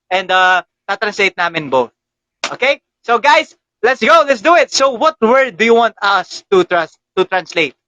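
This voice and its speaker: A man's voice: sits high, very animated, moderate pace, bright, forceful tone, muffled recording. A young Filipino man with a Filipino accent hosting a casual livestream interview, chatty and laughing often with many fillers. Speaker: interview host.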